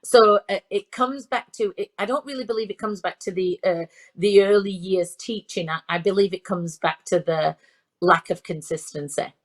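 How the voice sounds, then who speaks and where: A woman in her fifties, a parenting expert, talks at normal speed in a mid-range voice during a conversational interview. She keeps repeating herself and her speech is full of restarts and fillers.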